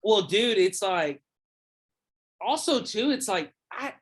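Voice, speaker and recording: A man's voice: high-pitched, big pitch swings, slow, husky. A young man chatting casually on a podcast, rambling with lots of fillers and swearing. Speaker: podcast host or guest. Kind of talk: casual chat.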